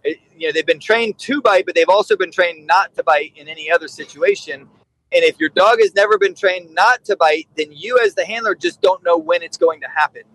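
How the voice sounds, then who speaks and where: High-voiced, animated male dog trainer. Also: fairly quick, dry recording, poor audio. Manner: animated, acts out quoted voices and swears for emphasis. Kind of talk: casual conversation.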